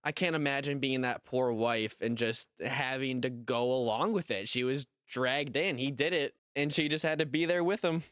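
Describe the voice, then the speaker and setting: A man's voice: medium pitch, normal speed, few pauses, a bit bright, smooth, no room sound, clean studio sound. A young man giving casual reaction commentary, incredulous and rambling, full of "like" and repeated questions. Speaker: commentary YouTuber.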